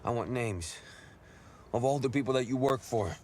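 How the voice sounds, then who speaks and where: A man's voice: mid-range voice, moderate pace, loud music behind the voice, lightly acted. An actor playing a grim, vengeful man in terse, threatening film dialogue.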